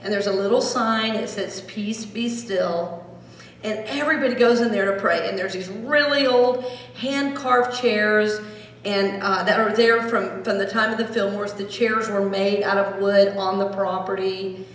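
A woman's voice: mid-range voice, fairly even intonation, moderate pace, recorded from a distance, a little hiss or hum. Middle-aged woman preaching in an echoey hall. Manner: storytelling, drops to a soft hush for prayer phrases. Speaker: Unity minister. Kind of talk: sermon with guided meditation.

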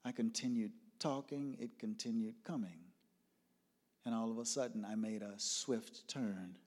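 A man telling a personal story dramatically, moving from loud outbursts to hushed whispers. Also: fairly low pitch, steady tone, measured pace.

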